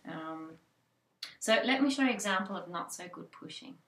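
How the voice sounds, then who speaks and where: A woman's voice: mid-range voice, lively intonation, normal speed, fairly bright tone, reverberant. A woman with an Australian accent, a childbirth educator giving an informal talk with many fillers and restarts. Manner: conversational, with frequent fillers and restarts.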